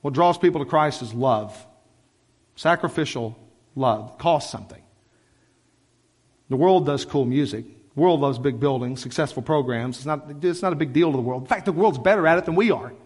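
A man's voice: mid-range voice, normal speed, a little mellow, husky. A man preaching a sermon as pastor, speaking passionately in a conversational way full of "like". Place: church sanctuary. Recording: long church hall reverb.

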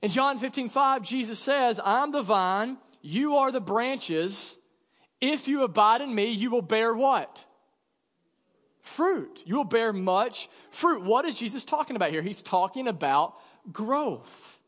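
High-voiced pastor in a reverberant hall. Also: male voice, a little slow. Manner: animated storyteller, rising to loud exasperation. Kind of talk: sermon. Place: church sanctuary. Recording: long reverb of a church hall.

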